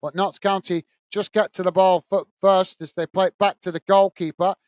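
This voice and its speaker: A man's voice: sits high, flat delivery, normal speed, darkish tone, no room sound. A man hosting a football watch-along, calling the play casually and reading out viewer messages. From England. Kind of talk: live fan commentary and chat reading.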